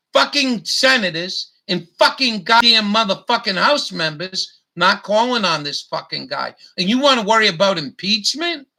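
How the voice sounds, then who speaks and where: High, gravelly, piercing ranting man. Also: pushed and bright. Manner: angry, profane, halting with restarts. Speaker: YouTube host. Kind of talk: profane ranting monologue.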